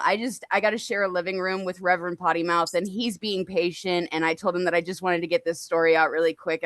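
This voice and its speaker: A woman's voice: on the low side, dry recording. A woman guest on a livestream, telling a personal story in a sarcastic, passionate and self-mocking way. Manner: animated and self-mocking, laughs often. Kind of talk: casual storytelling chat.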